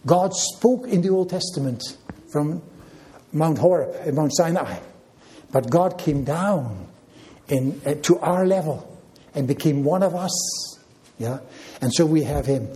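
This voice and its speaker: A man's voice: on the high side, warm tone. An older man preaching a sermon, repeating key phrases with emphasis and checking in with listeners.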